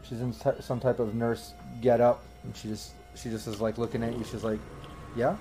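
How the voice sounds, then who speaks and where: A man's voice: mid-range voice, flat delivery, a little fast, mellow, slight background noise, rough recording. A man narrating a tabletop game as game master, talking hesitantly with many fillers.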